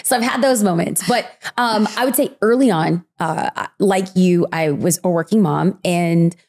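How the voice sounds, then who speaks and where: A woman in her thirties, a podcast guest telling a personal story in an animated conversational way, acting out quotes. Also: moderate pace. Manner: animated, acts out quotes with big pitch jumps.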